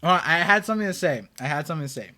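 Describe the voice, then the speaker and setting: A male streamer hosting a live watch party, reacting and rambling to his chat. His fairly high voice swings up and down with animated energy. The tone is bright and forceful. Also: rapid-fire. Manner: excitable, rambling, talks to chat.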